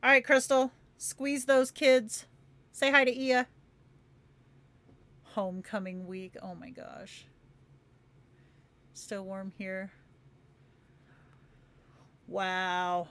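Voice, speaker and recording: A woman's voice: mid-range voice, steady tone, drawn-out words, long pauses, a bit bright. A woman from Phoenix hosting a livestream, chatting casually with viewers, laughing often and swearing freely. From Phoenix, Arizona, USA. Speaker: livestream host. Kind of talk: casual chat with live viewers.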